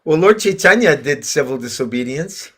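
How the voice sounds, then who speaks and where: A man's voice: fairly high pitch, lively intonation, moderate pace, fairly bright tone, breathy edge. A man hosting an interview over a video call, asking curious questions and laughing often. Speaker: host. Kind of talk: interview conversation.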